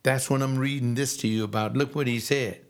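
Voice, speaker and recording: An older man teaches from scripture in a loose, fiery way, and his voice sits at an ordinary middle pitch. He scolds his listeners and mimics the people he criticizes. It sounds like an informal sermon, not a church service. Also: fairly even intonation, a little fast. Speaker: lay preacher.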